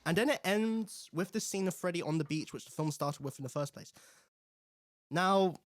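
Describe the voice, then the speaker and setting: A man's voice: sits high, normal speed, no room sound, clean studio sound. Chatty man reviewing a film. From England. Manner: chatty, animated, acts out characters' lines. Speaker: host.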